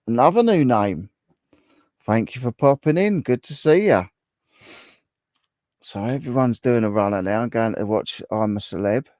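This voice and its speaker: A man's voice: medium pitch, lively intonation, normal speed, pauses often, darkish tone, no echo, studio quality. A man, likely in his thirties or forties, hosting a casual livestream from home, chatting and laughing with viewers. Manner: chatty, laughs often, reads viewer comments aloud. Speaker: livestream host. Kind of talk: casual livestream chat reading comments.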